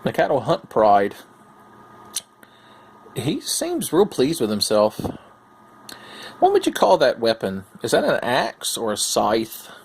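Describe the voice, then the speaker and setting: A young man hosting casual comic commentary on game cards, sarcastic, profane and animated. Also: medium pitch, measured pace, vocal fry, a little hiss or hum. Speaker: host.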